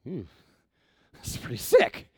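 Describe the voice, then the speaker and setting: A male pastor preaching a sermon in a conversational, animated way, often restarting his sentences. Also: takes it slowly, no echo.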